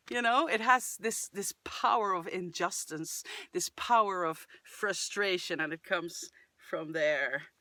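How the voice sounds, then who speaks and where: A woman hosting a singing channel, reacting and giving vocal tips in chatty, enthusiastic talk, sometimes breaking into sudden shouted cries and sung fragments to demonstrate. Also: on the low side, takes it slowly, hardly any pauses, no echo.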